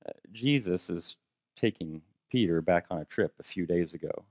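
A man's voice: low voice, normal speed, darkish tone, no echo. A man preaching a sermon in a conversational way, posing rhetorical questions and retelling a story dramatically. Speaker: pastor.

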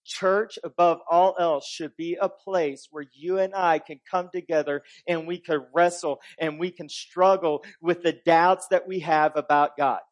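A pastor preaching a conversational sermon, swinging between emphatic and hushed delivery. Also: male voice, high-pitched.

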